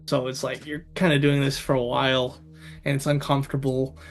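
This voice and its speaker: A man narrating a tabletop horror game as game master, setting scenes slowly and dramatically. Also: mid-range voice, little pitch movement, soft background music.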